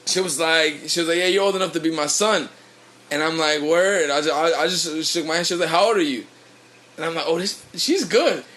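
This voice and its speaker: A man's voice: on the high side, brisk, fairly bright tone. A young man, a podcast co-host, telling a loose, rambling story in casual chat, swearing freely.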